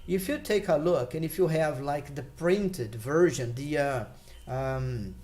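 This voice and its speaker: A man gives an English lesson in a patient, explanatory way. He lets each listed word drop in pitch and thinks aloud as he searches for a term. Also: measured pace, darkish tone. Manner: thinks aloud with fillers and restarts. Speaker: English teacher. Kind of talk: online English lesson for learners.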